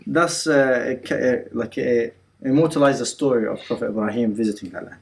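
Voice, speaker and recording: A man's voice: medium pitch, brisk, vocal fry, rough recording. Casual man teaching a religious class. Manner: retells scenes with quotes and frequent fillers; code-switches with Arabic words. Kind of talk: casual storytelling lesson. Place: indoor community centre class.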